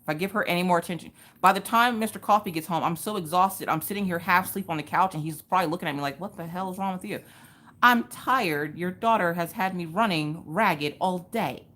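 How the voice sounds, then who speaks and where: Woman, 30s, livestream craft host; lower voice, chatty storyteller. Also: brisk, fairly bright tone. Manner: chatty, storytelling, joking asides to chat. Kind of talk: casual chat while diamond painting.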